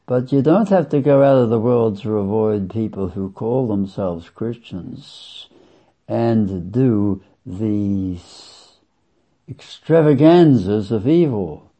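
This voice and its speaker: Husky guy preaching, slow and dramatic, dull lo-fi sound. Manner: emphatic, sweeping swings in pitch and loudness; slow, deliberate, drawn-out phrasing. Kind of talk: sermon. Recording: dull lo-fi recording.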